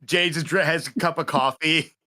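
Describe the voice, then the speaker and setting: A man's voice: a little high, steady tone, normal speed, bright, forceful tone. A man playing in a live-play tabletop game, tentative and prone to restarting his sentences. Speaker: player.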